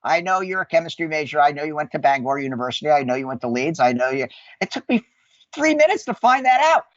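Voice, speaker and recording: A man coaching on sales calls with high energy, acting out phone greetings in quoted voices. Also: big pitch swings, fast, fairly bright tone, dry recording. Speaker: sales guest. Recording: dull lo-fi sound.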